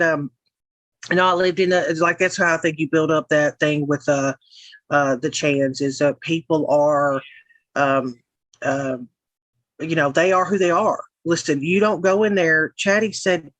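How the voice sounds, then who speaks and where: A woman's voice: low voice, fairly even intonation, a little slow, no room sound, poor audio. A Southern woman hosting a livestream, chatting casually with a rambling, profane manner as she reads out viewer comments. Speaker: livestream host. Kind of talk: casual chat reading live comments.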